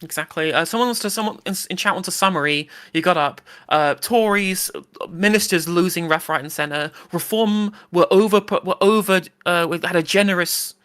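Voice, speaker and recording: A man co-hosting a live stream, speaking in a brisk, emphatic way in casual political chat. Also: high-pitched, fairly bright tone, clean tone.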